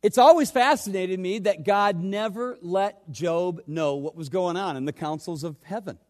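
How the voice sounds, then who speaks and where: A male pastor preaching a sermon, swinging between loud urgent questions and hushed, low asides. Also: normal speed.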